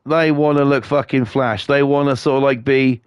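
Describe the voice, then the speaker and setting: A British man ranting on a game stream, coarse, scornful and swearing freely. His voice sits at an ordinary middle pitch and the sound is dry and close. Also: steady tone, moderate pace, clear, resonant tone, no echo. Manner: profane, blunt, scornful. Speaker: livestreamer.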